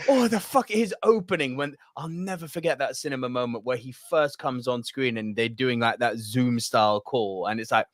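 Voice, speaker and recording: A man co-hosting a movie podcast, talking in an excited, animated way and swearing often. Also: medium pitch, normal speed, few pauses, dry recording, studio quality. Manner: animated, swears a lot, acts out film quotes. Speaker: podcast co-host. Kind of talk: excited casual chat.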